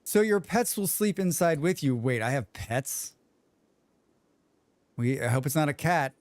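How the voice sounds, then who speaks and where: Jokey streamer with a lively, dry voice. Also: male voice, a little high, unhurried, dry recording. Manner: joking, rambling, hums to himself. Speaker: game streamer. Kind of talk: casual livestream chat.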